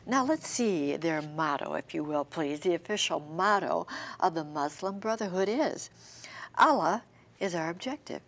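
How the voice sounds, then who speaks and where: A woman's voice: on the low side, animated, measured pace, fairly bright tone. An older woman co-hosting a religious television show, earnestly reading news items aloud with emphasis. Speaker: co-host. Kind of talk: television commentary and reading headlines.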